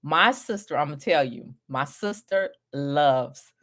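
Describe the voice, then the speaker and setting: A middle-aged woman mentoring group home owners, telling a story in an animated way, laughing often and acting out what people said. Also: deep voice, slow pace. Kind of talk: storytelling to viewers.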